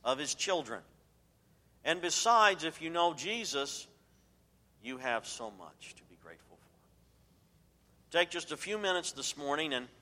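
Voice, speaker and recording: A man preaching a sermon as pastor, emphatic and swinging between loud declarations and hushed asides. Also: a little high, big-room sound.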